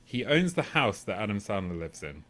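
This podcast co-host has a lowish, somewhat bright voice with a sing-song lilt, and he speaks at a moderate pace. In casual chat he wanders through long, tangential stretches, now and then letting a swear word slip.

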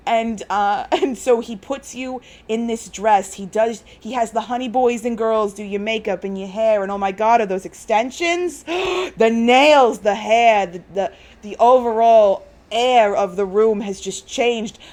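A woman's voice: fairly high pitch, unhurried, a little mellow. A woman co-hosting a podcast, retelling in a gushing, rambling way with lots of fillers. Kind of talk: casual chat.

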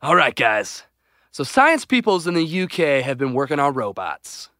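A man's voice: mid-range voice, very animated, moderate pace, pushed and bright, no echo, clean studio sound. A man co-hosting a podcast, reading out a science item in a loose, jokey way. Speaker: podcast co-host. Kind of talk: casual podcast chat.

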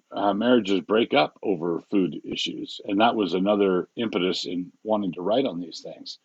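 A man's voice: lowish voice, slightly rough, no echo, muffled recording. A man, a pastor, talking casually on a podcast with many restarts and chuckles at his own examples. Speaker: pastor and guest author.

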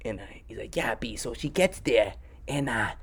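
A man's voice: medium pitch, sing-song, moderate pace, husky. A man trades crude stories in loose, profane banter. He laughs often and swears freely in a casual back-and-forth.

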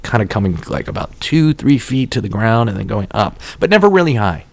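Man, low voice, very lively pitch, casual storytelling, swears a lot, dry sound. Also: a little fast, creaky, no room sound. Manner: animated, swears freely, laughs often.

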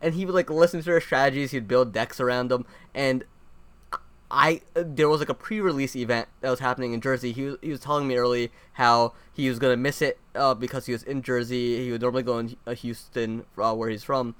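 A man's voice: mid-range voice, brisk, smooth, no echo. Chill podcast guy rambling through a story, mid voice, dry sound. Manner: relaxed storyteller, hesitant with fillers. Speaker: podcast co-host. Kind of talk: casual chat.

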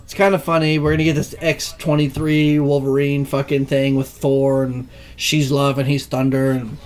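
A man in casual chat, ranting about a film with plenty of swearing and animated outbursts. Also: mid-range voice, normal speed, slight background noise. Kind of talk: casual movie discussion.

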